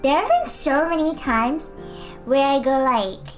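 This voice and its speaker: A woman's voice: high-pitched, expressive, moderate pace, faint music behind. A young woman streaming and chatting casually with her viewers, giggly and talkative. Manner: giggly, chatty, fills silence with talk.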